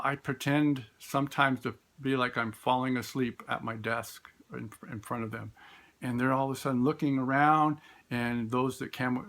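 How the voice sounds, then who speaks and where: A man, a special education teacher, telling classroom stories in a relaxed, storytelling way. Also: mid-range voice. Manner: warm storytelling, acts out voices in quotes; frequent fillers and restarts. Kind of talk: informal talk with classroom stories.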